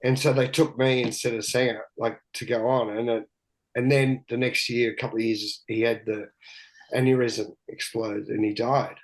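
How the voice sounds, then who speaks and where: A man's voice: mid-range voice, level tone, normal speed, poor audio. A middle-aged man, a podcast guest telling candid stories loosely, swearing freely and often laughing as he talks. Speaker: podcast guest, big wave surfer. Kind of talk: candid storytelling in casual conversation.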